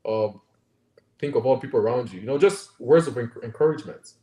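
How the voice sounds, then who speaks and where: In an echoey room, a guest doctor with a Nigerian accent is interviewed conversationally and talks briskly in a dark, medium-pitched voice. He is earnest and reflective and repeatedly asks "right?".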